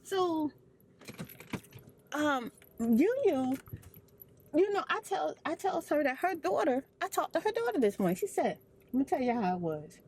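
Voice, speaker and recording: An older woman rambles through a story in a high, bright-pitched voice. Her pitch swings widely as she complains, repeats herself and acts out each exchange. It is casual, unscripted storytelling. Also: unhurried, pauses often, slight background noise. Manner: animated, repetitive, complaining, acts out dialogue. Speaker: ASMR creator.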